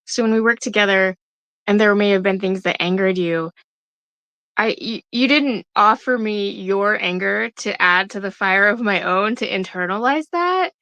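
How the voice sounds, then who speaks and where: A woman co-hosting a casual podcast conversation, listening with soft affirming murmurs and reflecting on what she heard. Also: medium pitch, moderate pace, clean tone, no echo, lo-fi sound.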